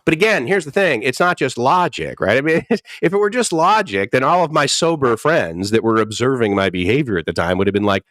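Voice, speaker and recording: Lively storytelling man in his fifties. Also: medium pitch, a little fast, no echo, studio quality. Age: 50s. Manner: animated storyteller, chuckles often and acts out quotes. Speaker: guest speaker in recovery. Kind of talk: candid personal talk.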